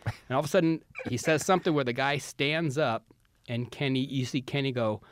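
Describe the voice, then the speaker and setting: A man's voice: mid-range voice, a little fast, no echo. A man co-hosting a comedy podcast, telling a long backstage story and acting out the quotes. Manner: animated storyteller, acts out quotes. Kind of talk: casual storytelling chat.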